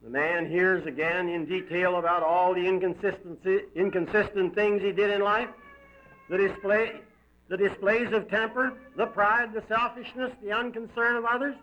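A man's voice: high voice, fairly even intonation, normal speed. A man giving an emphatic, dramatic reading of a moral story. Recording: dull lo-fi recording.

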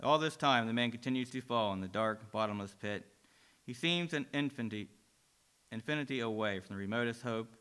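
A man narrating a dramatic religious story, swinging between loud and hushed delivery. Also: medium pitch, fairly quick, clean tone.

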